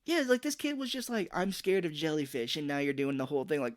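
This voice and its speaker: A man co-hosting a podcast, casually retelling a film plot and jumping into high voices for the characters. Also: very animated, quick pace. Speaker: podcast co-host. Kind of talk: casual movie recap chat.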